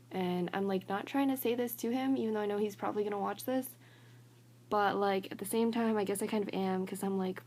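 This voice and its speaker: A woman's voice: medium pitch, fairly even intonation, a little fast, darkish tone. A young woman, a college student, venting to her phone camera in a casual vlog, rambling and filling nearly every phrase with "like". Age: young adult. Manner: rambling, filler-heavy, says "like" constantly; annoyed and exasperated.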